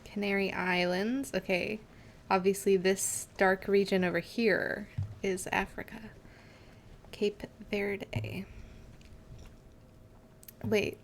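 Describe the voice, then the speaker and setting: A young woman streaming a game, chatting casually with viewers, giggling often and filling pauses with "like" and "um". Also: medium pitch, creaky, slight background noise. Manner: chatty, giggly, with many fillers. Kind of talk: casual gameplay chat with chat reading.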